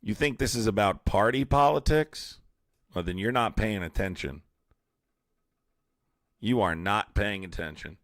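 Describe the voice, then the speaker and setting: A man's voice: fairly low pitch, measured pace, pauses often, a bit bright, no echo, studio quality. A young man hosting a livestream, reading viewer comments aloud and answering them in a heated, confrontational way. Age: young adult. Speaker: livestream host. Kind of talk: live-stream chat, reacting to viewer comments.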